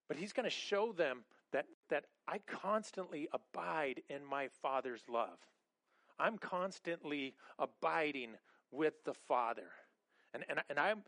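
A middle-aged man preaching a sermon in an animated, conversational way, often repeating words and restarting his sentences. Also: a little high, dry recording. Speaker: pastor.

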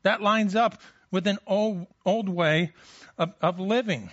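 A man's voice: sits high, takes it slowly, no room sound, highs cut off. A man preaching a sermon in a conversational way, with frequent restarts and rhetorical questions. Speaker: pastor.

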